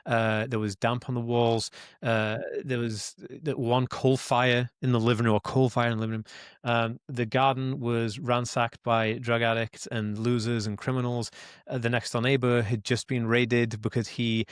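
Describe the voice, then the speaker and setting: A Welsh man in his forties, an autism advocate, shares his life story as an interview guest in relaxed conversation. His medium-pitched voice is smooth, moderately paced, and fairly flat in pitch, yet he rambles earnestly and emphatically, repeating words, using "like" and "right?" a lot, and addressing listeners as guys. The studio recording has no echo.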